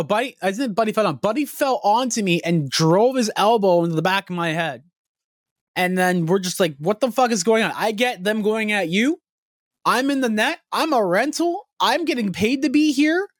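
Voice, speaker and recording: A young man with a high-pitched voice co-hosts a podcast, telling a long story that rambles as he swears freely and gets worked up. His storytelling is animated and profane. The studio-quality recording has no echo.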